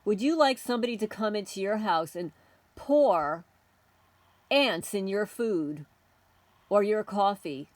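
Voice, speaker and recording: A woman's voice: medium pitch, unhurried, dry recording. Indignant middle-aged woman ranting, dry sound. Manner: indignant, confrontational, repeatedly addressing unseen tormentors. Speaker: homesteading channel host. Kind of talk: ranting monologue to camera.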